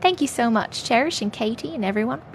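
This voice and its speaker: A woman with a slightly raised pitch hosts a casual livestream. She is playful and chatty, thanking her viewers again and again and slipping in and out of put-on accents as she reads their stories aloud. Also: animated, fast, a little hiss or hum. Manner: thanks viewers warmly and often. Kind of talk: casual livestream chat and story reading.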